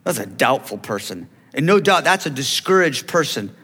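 A man's voice: on the high side, huge pitch swings, moderate pace, few pauses, bright, forceful tone, breathy edge. A man preaching a sermon, acting out biblical dialogue and calling to the congregation for amens. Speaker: pastor. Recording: long hall reverb.

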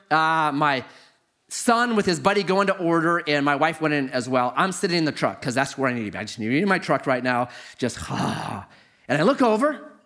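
Middle-aged man, high voice, very lively intonation, animated storytelling, exaggerated disbelief.

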